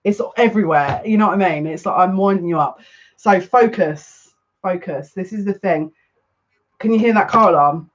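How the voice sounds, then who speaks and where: A man's voice: high voice, normal speed. A man giving a live oracle card reading in a chatty, teasing, jokey way. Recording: muffled lo-fi audio.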